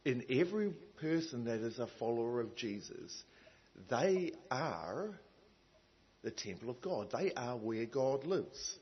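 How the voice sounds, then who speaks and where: A man's voice: medium pitch, very animated, unhurried, slightly rough, dull audio. A man preaching a sermon in a conversational way, with many asides and fillers.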